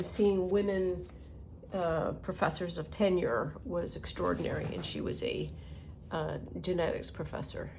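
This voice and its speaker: Creaky and lowish, this middle-aged woman's voice comes with a little hiss or hum in the recording. Making a junk journal for her casual crafting vlog, she wanders through rambling stories and mutters to herself while working.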